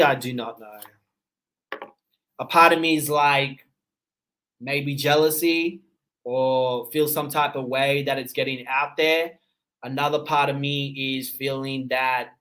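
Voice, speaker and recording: A man with an Australian accent softened by his parents' Seychellois English, talking at an ordinary middle pitch. He hosts a casual livestream, relaxed and conversational, reading out viewer comments and answering with easy laughs. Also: takes it slowly, long pauses. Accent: Australian, mixed with his parents' Seychellois English. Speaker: livestream host.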